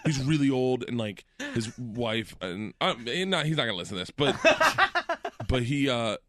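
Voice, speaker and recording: A man's voice: medium pitch, lively intonation, moderate pace, a bit bright. A man hosting a podcast, telling funny stories, laughing often and acting out other voices. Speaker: podcast host. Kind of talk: comic storytelling chat. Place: Los Angeles.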